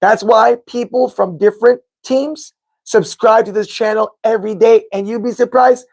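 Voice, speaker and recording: A man with a high, gravelly voice speaks at a normal pace in a steady tone. He hosts a live sports fan podcast, reading the live chat and talking casually with viewers. He rambles and repeats himself while correcting his own figures.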